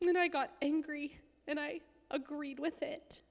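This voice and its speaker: A woman preaching in a high voice. She tells a personal story with intense emphasis and sometimes drops to a hushed whisper. Her voice rings with the long reverb of a church hall. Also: steady tone, unhurried. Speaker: guest speaker. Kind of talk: sermon storytelling.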